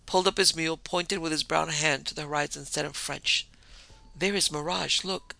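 A man narrating an audiobook in an expressive, measured reading. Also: on the high side, gravelly, no echo, poor audio. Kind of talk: scripted narration.

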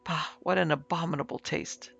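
A man voicing an excitable, irritable big Frenchman with agitated, exclamatory speech in an audiobook reading. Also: fairly high pitch, moderate pace, vocal fry, breathy edge, dull audio, soft background music, exaggerated voice.

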